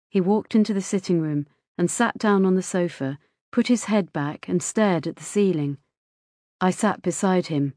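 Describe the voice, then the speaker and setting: A woman narrating a first-person story in a measured, quiet way. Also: lowish voice, dry recording, studio quality. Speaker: audiobook narrator.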